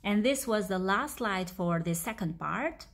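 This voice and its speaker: A woman with an Albanian accent gives a language lesson at a mid pitch. She explains each word slowly and repeats it, with fillers between lines. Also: animated, vocal fry, a bit bright. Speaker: language teacher. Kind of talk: language lesson reading a story aloud.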